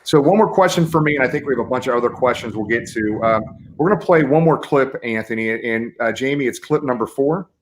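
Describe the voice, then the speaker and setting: A man hosting a casual online show, talking in a relaxed way with plenty of fillers. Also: mid-range voice, fast, a little hiss or hum. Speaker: host. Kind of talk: casual chat.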